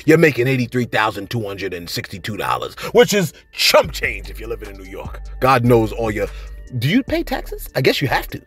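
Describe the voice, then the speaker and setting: Animated man hosting celebrity commentary. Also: breathy edge. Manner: animated, exclaiming, laughing, swings from low mumbles to high exclamations; fillers and repeated phrases like 'you know what I mean' and 'man'. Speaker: celebrity news channel host. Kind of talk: casual commentary reading viewer shout-outs.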